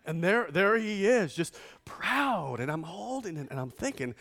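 A man's voice: sits high, expressive, a little slow. Joking, emphatic man preaching a sermon. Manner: storytelling, joking, swells loud for emphasis. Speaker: pastor.

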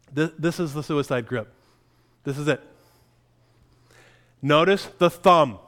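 A middle-aged male pastor preaches a sermon, telling a self-deprecating personal story and chuckling along the way. His voice is smooth and resonant, fairly bright, and a little high for a man.

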